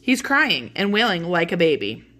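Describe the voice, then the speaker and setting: Bright-voiced woman teaching a play. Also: fairly low pitch, big pitch swings, moderate pace. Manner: casual, paraphrasing lines and checking in with "okay?". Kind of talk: explaining a play to students.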